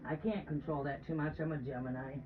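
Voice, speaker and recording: Her voice sits low, with fairly even intonation and a fairly quick pace, as this tarot reader streams casually from home and chats to viewers on the move. It's recorded at a distance with a phone-like quality and faint noise.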